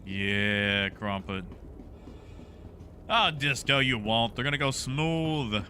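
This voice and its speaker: Bright, slow, joking male streamer. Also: medium pitch, animated, slight background noise. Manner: joking, riffing on chat messages. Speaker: game streamer. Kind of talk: casual chat with live viewers. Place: home setup.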